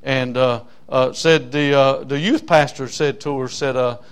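Older man, preacher, sermon storytelling, halting with fillers, resonant tone. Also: medium pitch, steady tone, clear, resonant tone. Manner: halting, with many repeated fillers.

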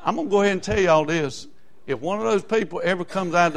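A man's voice: sits high, fast. An older man with a South Carolina Southern accent preaching a fiery, folksy sermon in colloquial grammar.

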